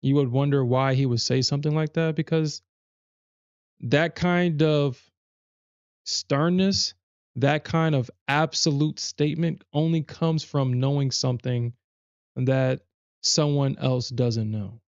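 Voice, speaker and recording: Male livestream host, gravelly and dry, rambling with frequent restarts. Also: medium pitch, steady tone, slow pace, dry recording, lo-fi sound. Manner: rambling, many restarts and self-corrections. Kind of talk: casual livestream chat.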